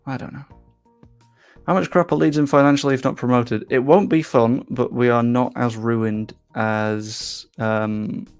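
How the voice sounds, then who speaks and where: A young man with a faint Yorkshire accent chats loosely on a live stream, reading viewer comments aloud and poking fun at himself. His voice has a gravelly edge, sits at a middle pitch, and has faint music running underneath. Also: steady tone, measured pace, few pauses. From England. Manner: chatty, self-deprecating, reads comments aloud. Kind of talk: casual live-stream chat.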